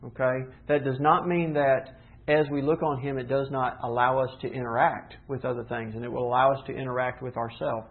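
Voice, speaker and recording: A man preaching a sermon, teaching earnestly with rhetorical questions and slowing down for emphasis. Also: mid-range voice, fairly even intonation. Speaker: pastor. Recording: tinny phone-like sound.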